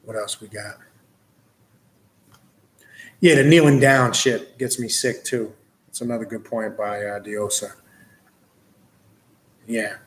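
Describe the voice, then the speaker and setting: A man's voice: on the low side, slow, pauses often, echoey room. A man hosting a livestream, reading out and answering viewers' questions in a blunt, casual, profane way and telling stories with plenty of energy. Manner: blunt, profane, animated storytelling.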